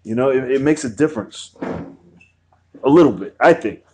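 A man hosting a casual podcast chat, telling lively stories, acting out quotes and swearing freely. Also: mid-range voice, moderate pace. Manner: animated storyteller who acts out quotes, swears freely. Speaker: podcast host.

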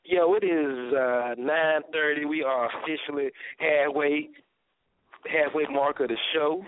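A man's voice: fairly high pitch, steady tone, a little slow, clear, resonant tone, no room sound. A man hosting a radio show, chatting casually and hyping up his co-host in slangy banter. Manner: hyped, slangy encouragement. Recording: tinny phone-line sound with faint music.

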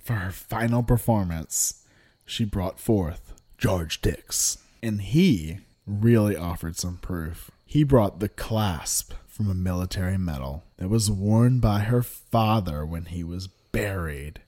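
A man co-hosting a podcast in casual chat, joking and tossing in quick wisecracks. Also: low voice, dark tone. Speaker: podcast co-host.

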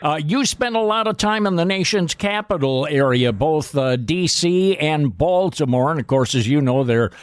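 A man hosting an interview, asking measured questions with formal introductions. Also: fairly high pitch, animated, smooth, no room sound, studio quality. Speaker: interview host. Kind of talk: radio interview.

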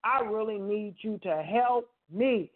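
A woman's voice: mid-range voice, slow. A woman in her fifties giving an emphatic, preacherly spiritual testimony on talk radio, repeating phrases and speaking colloquially. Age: 50s. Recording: phone-like narrow sound.

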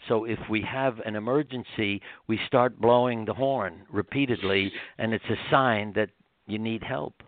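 An older man, a guest author, telling heartfelt stories in an animated, rambling way with many restarts, heard over a phone line. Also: fairly low pitch, normal speed, no echo. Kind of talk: storytelling interview.

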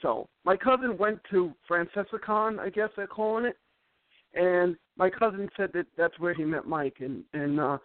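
A man's voice: high-pitched, moderate pace, no room sound. A man hosting a casual sports call-in show, telling a long rambling story with many restarts. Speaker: sports talk show host. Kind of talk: casual call-in radio chat. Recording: dry tinny phone-line sound.

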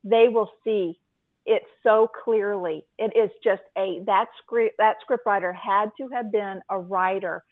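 A woman co-hosting a writing podcast who talks casually and retells story scenes with lively emphasis. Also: medium pitch, a little slow, dry recording. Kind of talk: casual chat. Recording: tinny phone-line sound, dry.

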